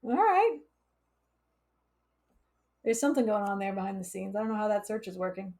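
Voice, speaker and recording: A woman's voice: medium pitch, big pitch swings, moderate pace, vocal fry, a little mellow. A woman hosting a casual live coding stream, chatty and laughing often as she reads chat aloud. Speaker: livestream coding instructor.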